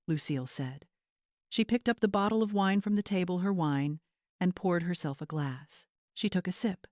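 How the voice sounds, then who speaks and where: A woman narrating a family drama story in an even, measured manner. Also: low voice, dry recording, clean studio sound.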